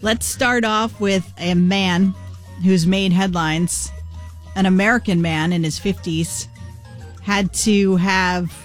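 A woman's voice: mid-range voice, steady tone, takes it slowly, soft background music. A woman hosting a radio morning show, chatting and running a fill-in-the-blank game. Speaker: radio host.

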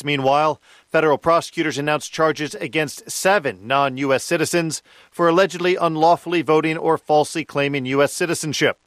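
A male radio correspondent with a slightly raised voice delivers his report in a steady, even tone. The recording is close and dry. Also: fairly high pitch, no echo. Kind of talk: news report.

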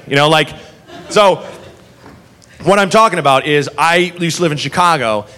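A male comedian telling a profane, animated stand-up story. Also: fairly high pitch. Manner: animated, profane, swings into character voices.

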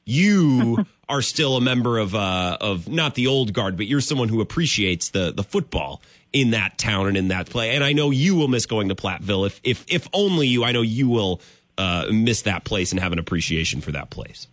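A man hosting a sports talk radio show, rambling and animated with sudden jumps in pitch. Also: moderate pace, dry recording.

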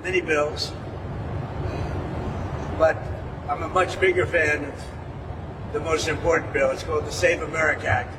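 A man giving rambling off-the-cuff remarks to the press, repetitive and halting. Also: fairly high pitch, fairly even intonation, recorded from a distance, background noise. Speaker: politician talking to press.

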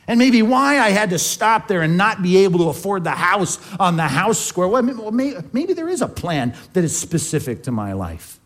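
Lively, questioning male preacher. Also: high voice, moderate pace, hardly any pauses. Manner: conversational preaching, asks the congregation questions. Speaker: pastor. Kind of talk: sermon.

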